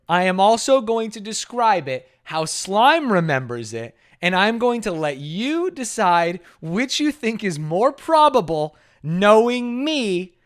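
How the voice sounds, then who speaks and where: A young man, a streamer, telling a story in a casual, emphatic and defensive way. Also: high voice. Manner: animated, emphatic, defensive retelling.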